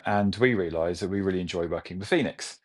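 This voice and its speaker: A man in his forties from Britain, a company chief talking with animated enthusiasm in a business interview. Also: sits low, fast talker. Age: 40s. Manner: enthusiastic, animated storytelling with laughs. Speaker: CEO guest.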